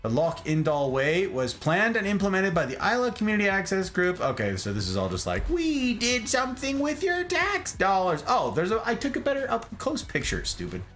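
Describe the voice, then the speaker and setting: Animated man chatting over photos. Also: a little fast, few pauses, soft background music. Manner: animated, jokey, pitch jumps for emphasis. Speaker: podcast host. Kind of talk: casual chat over travel photos.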